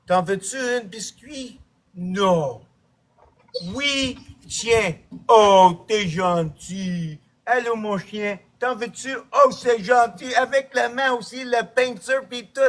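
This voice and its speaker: A man's voice: slow pace, a bit bright. A man putting on a doting fusser. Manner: fussy, doting, high and sing-song.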